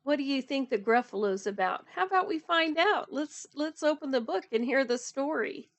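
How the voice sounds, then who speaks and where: A woman reading a picture book to children, with gentle, chatty asides to her young listeners. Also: high-pitched, animated, normal speed. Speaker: storyteller for children.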